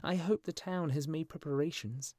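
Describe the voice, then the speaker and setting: A man voicing a small, restless male swallow in a high, chirpy voice. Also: normal speed, darkish tone, no room sound, studio quality, natural voice. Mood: hopeful.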